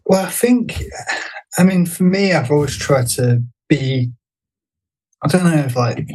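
A man's voice: fairly high pitch, expressive, a little slow, a little mellow, husky, poor audio. A man, a podcast guest, chatting casually and hesitantly, with many fillers and restarts. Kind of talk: casual chat.

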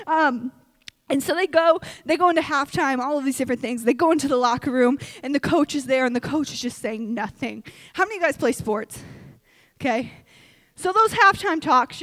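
A young woman with a very high, bright voice delivers an energetic youth sermon. She tells her stories with animated energy and punctuates almost every line with "okay?" The sound is close and dry, with hardly any room echo. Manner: animated storytelling, peppered with "okay?". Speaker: youth preacher. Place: gym.

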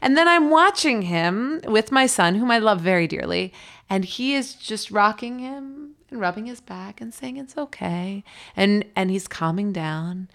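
A woman's voice: mid-range voice, a little slow. A woman pastor in her thirties, sharing reflections and personal stories in an earnest, storytelling way. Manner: earnest, storytelling, animated quotes. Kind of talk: reflective faith chat.

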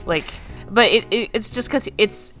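A woman co-hosting a casual chat about video games, chatty and quick to laugh, with lots of likes and restarts. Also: medium pitch, fairly bright tone, soft background music. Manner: chatty, full of fillers and laughter. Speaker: podcast co-host.

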